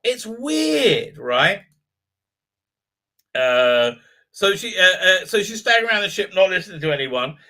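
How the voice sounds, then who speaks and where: A man's voice: sits high, very animated, a little slow, long pauses, bright, forceful tone. A man hosting a live stream, ranting sarcastically with many filler sounds. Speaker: host.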